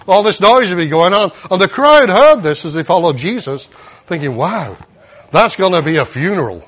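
A male preacher delivering a sermon, telling a story with animated acted-out voices and laughter. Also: sits high, normal speed.

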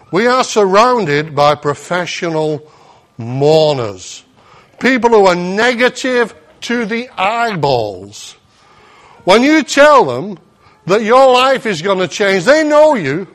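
A male preacher delivering a sermon, telling a story with animated acted-out voices and laughter. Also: high voice.

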